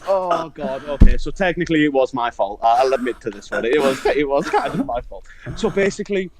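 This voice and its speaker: A man's voice: a little high, big pitch swings, fairly quick, crowd noise, poor audio. A young man, co-hosting a podcast and telling a funny story in casual chat, laughing often. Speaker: podcast co-host.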